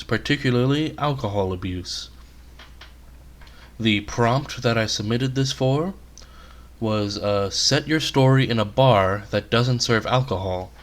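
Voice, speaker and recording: A man reading aloud his own short story, in a relaxed, conversational storytelling manner. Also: mid-range voice.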